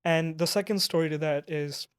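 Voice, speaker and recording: A young man hosting a podcast, speaking in a soft, steady, thoughtful way as he shares stories with his guest. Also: on the high side, normal speed, smooth. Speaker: podcast host. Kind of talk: conversational podcast interview.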